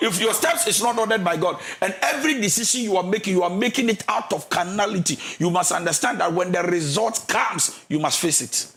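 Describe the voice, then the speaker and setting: A Ghanaian man with a fairly high voice preaches marriage advice as a counsellor. He is emphatic, slips between English and Twi, and now and then rises to a shout or a sung phrase. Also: creaky. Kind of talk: radio counselling talk.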